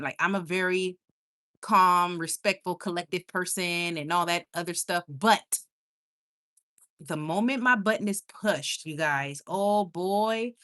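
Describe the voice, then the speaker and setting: A young woman hosting a casual live stream, reading viewer comments aloud and reacting in an animated, emphatic way, quick to laugh and often repeating herself. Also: lowish voice.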